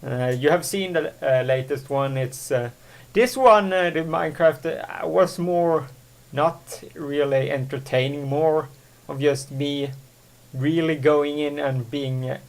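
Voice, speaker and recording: A man hosting his own solo podcast, rambling with many fillers and self-corrections. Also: medium pitch. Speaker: show host. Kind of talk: casual solo podcast monologue.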